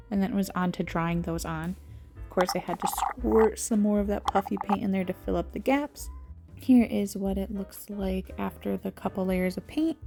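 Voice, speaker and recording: Gravelly, mellow-voiced woman craft vlogger. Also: medium pitch. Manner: chatty and self-mocking, with little laughs. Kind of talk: casual voice-over narration of a craft project.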